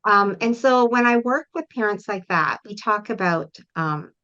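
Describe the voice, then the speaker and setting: A middle-aged woman with a bright, forceful voice explains her coaching approach earnestly, often pausing to check in with her listener. The audio is dull and lo-fi. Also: mid-range voice, lively intonation, clear, resonant tone. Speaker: parent coach. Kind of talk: interview guest.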